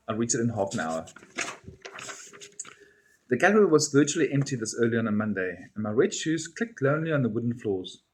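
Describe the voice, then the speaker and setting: A man reading a first-person story aloud in an expressive way. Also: medium pitch, husky. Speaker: reader.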